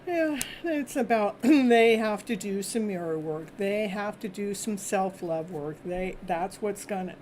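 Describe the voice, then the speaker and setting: A woman hosting a live tarot reading, chatty and reassuring, often clearing her throat and laughing as she talks. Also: mid-range voice, dark tone, a little hiss or hum. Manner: repetitive, reassuring phrasing. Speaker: tarot reader and host.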